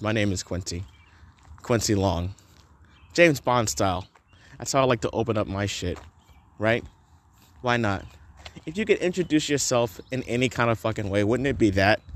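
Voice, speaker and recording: A man's voice: mid-range voice, slight background noise. A young man hosting a casual solo podcast, rambling loosely, swearing often and laughing at his own jokes. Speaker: podcast host.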